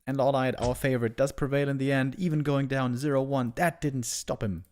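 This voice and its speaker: This German esports caster streams a live strategy game, trading playful, animated banter with viewers and breaking into sudden loud outbursts. His mid-range voice moves fairly quickly.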